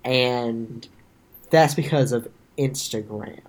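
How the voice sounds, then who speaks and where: A young man co-hosting a podcast in casual chat, sarcastic with deadpan jokes. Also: medium pitch, takes it slowly. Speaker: podcast co-host.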